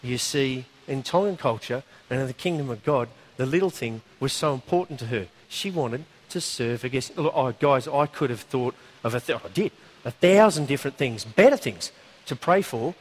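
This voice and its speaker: A man preaching a sermon, telling a story in a conversational, animated way with asides. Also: mid-range voice, moderate pace, slightly rough.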